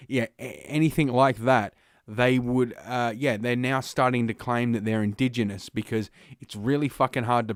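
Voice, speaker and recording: A man's voice: medium pitch, dry recording, studio quality. Profane, scornful man ranting. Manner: profane, blunt and scornful, with frequent uhs. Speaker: podcast host. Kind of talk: reading news aloud with ranting commentary.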